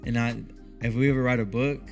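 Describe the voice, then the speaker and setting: A man with a smooth radio voice, talking calmly and unhurriedly as a guest in a relaxed interview. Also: medium pitch, music in the background. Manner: calm, unhurried, drops lots of "you know what I mean".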